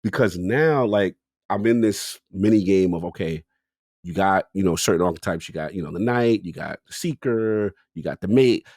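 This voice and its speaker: A man's voice: sits low, moderate pace, darkish tone, no room sound, clean studio sound. A man co-hosting a podcast, telling a gaming story in casual chat and acting out his own reactions. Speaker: podcast co-host.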